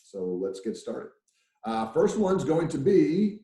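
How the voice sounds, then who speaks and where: A man leading a workplace training webinar in a lively, chatty way, acting out the voices he quotes. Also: on the high side, slow pace, echoey room, poor audio. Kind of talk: webinar presentation.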